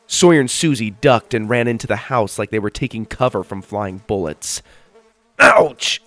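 A man narrating a children's adventure story in an expressive storytelling manner. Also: lowish voice, normal speed, dry recording.

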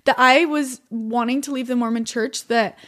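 High-voiced chatty young woman. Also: moderate pace. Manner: chatty, animated, lots of "like" and "you know". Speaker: podcast guest. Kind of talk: candid personal storytelling.

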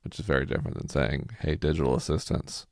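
A man with an extremely low voice and a heavy gravelly fry talks in a relaxed, low-energy way as he co-hosts a podcast. His speech has a raspy edge, and the recording is close and dry. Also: fast, no echo. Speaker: podcast co-host. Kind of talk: casual podcast chat.

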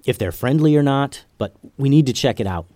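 A man's voice: medium pitch, expressive, a little fast, mellow, no room sound, voice pushed up, lightly acted. A man playing a commanding young ninja leader. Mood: urgent. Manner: urgent, commanding. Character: young male ninja, brave group leader.

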